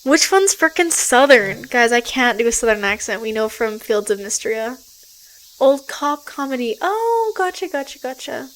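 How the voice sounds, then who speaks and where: Excitable woman reacting to a game. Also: fairly high pitch, moderate pace, slight background noise, low-quality recording. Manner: excitable, gasping and laughing at the visuals. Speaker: streamer. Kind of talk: reading a story game aloud with live reactions.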